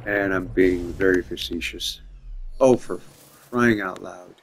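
A man with a fairly low voice talks his way through a game. His tone is dry and wry, and he often mutters to himself. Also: steady tone, normal speed, husky. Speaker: gameplay video creator. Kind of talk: casual gameplay commentary.

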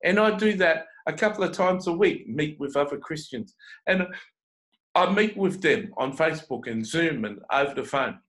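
A man preaching a confrontational sermon, his fairly high voice swinging widely in pitch. He scolds the listener with run after run of rhetorical questions and often restarts his sentences on a repeated word. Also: animated, moderate pace, fairly bright tone, rough recording. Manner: repeats words when starting sentences. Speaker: self-described prophet and teacher.

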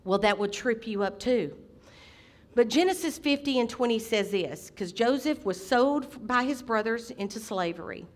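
A middle-aged woman preaching a sermon as senior pastor, impassioned, with sudden loud outbursts. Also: fairly high pitch, expressive, moderate pace.

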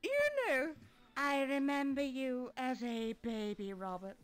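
A woman's voice: high-pitched, steady tone, clear, resonant tone, soft background music. A syrupy older lady. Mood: sweet. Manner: slow, honeyed, theatrical. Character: older woman, syrupy and overly sweet. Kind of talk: 1990s adventure game voice acting.

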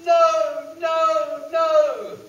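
Guy doing a shrill scared little piggy, squealing no no no, roomy far-off sound. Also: level tone, drawn-out words, highs cut off, heavily acted. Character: squealing frightened little male pig. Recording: echoey hall from far off.

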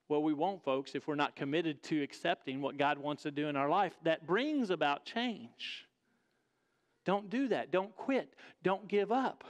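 A man's voice: high-pitched, lively intonation, moderate pace, pauses often. A man preaching a sermon as pastor, emphatic, asking the congregation direct questions and calling them folks. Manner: calls the listeners "folks". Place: church sanctuary. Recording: long reverb of a church hall.

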